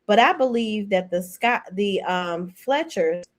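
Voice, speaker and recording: A woman in her forties giving a blunt, profane, sassy reality TV recap rant as host. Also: measured pace. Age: 40s. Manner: mocking and animated, swings between high and low. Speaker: commentary host.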